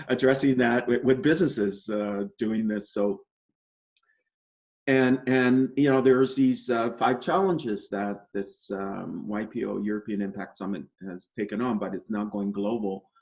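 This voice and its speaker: A man answering interview questions in an easy, measured way, often tagging points with "right?" and "you know". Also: lowish voice, darkish tone. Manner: optimistic explainer. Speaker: interview guest.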